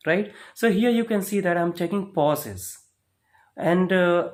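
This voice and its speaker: A man's voice: sits high, takes it slowly. A man teaching a spoken lesson, explaining step by step and checking in with "right?" and "okay?". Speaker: English speaking teacher.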